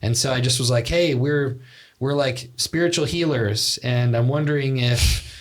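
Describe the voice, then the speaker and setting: A man's voice: mid-range voice, normal speed. A young man co-hosting a podcast, telling a story in a loose, rambling way with lots of fillers. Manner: rambling, filler-heavy, laughs at own story. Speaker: podcast co-host. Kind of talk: casual storytelling chat.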